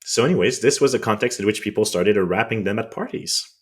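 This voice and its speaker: A man's voice: on the low side, fairly quick. A man with a French accent, a podcast co-host explaining history in casual chat, with frequent ums and restarts on tricky words.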